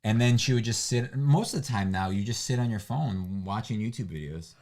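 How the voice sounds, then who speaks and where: Man, very low voice, teasing, sarcastic, casual chat. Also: a little fast, a little mellow. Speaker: livestream co-host.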